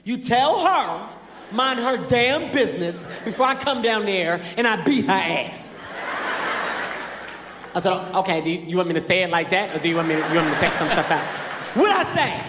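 A man doing stand-up storytelling, animated, acting out voices and shouting punchlines. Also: high-pitched, moderate pace. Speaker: stand-up comedian. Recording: echoey live hall, faint noise.

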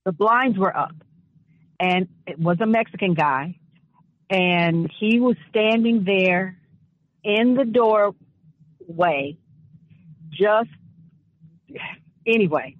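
A woman on a radio talk show giving impassioned commentary and telling a personal story, speaking emphatically and deliberately, with repeated phrases. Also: medium pitch, animated, no echo. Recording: dull lo-fi radio audio.

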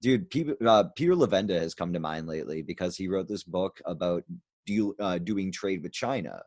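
A man's voice: low-pitched, expressive, moderate pace, darkish tone, no room sound. A man hosting a podcast in casual conversation, rambling with frequent restarts and fillers. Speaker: podcast host.

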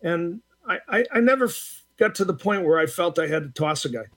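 An older man from the Boston area spins anecdotes in a relaxed interview, voice sitting high for a man. He acts out both sides of old arguments and stumbles through fillers and restarts as he goes. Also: brisk. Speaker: retired hockey referee, guest. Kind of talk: casual storytelling interview.

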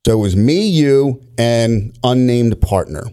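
A man's voice: mid-range voice, unhurried, clear, resonant tone. A man, a former police officer, telling profane stories in casual chat. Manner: profane, animated storytelling.

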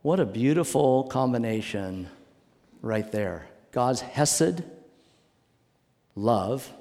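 A male pastor preaching a sermon in an earnest way, slowing down to stress key phrases. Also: medium pitch, expressive, mellow, long reverb tail.

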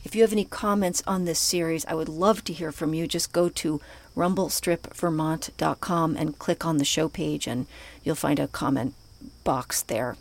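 A woman hosting a podcast, asking gentle, unhurried interview questions and closing the show. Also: deep voice.

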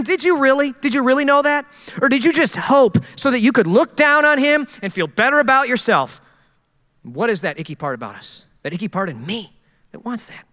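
Animated man preaching in a reverberant hall. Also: high voice. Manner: animated, conversational, joking. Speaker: pastor. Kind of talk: sermon.

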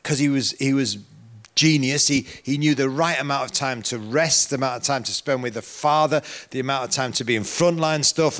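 A middle-aged man preaches a sermon in an animated, storytelling way. He stays at an ordinary pitch and gets louder to stress his points. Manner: animated storytelling, rising loud for emphasis.

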